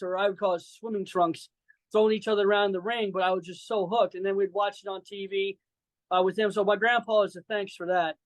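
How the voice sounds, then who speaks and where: A man's voice: high-pitched, no room sound, poor audio. A man in his forties from Saint Louis, a wrestler guest chatting loosely with lots of fillers and some brash trash-talk. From Saint Louis, Missouri. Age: 40s. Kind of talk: casual interview chat.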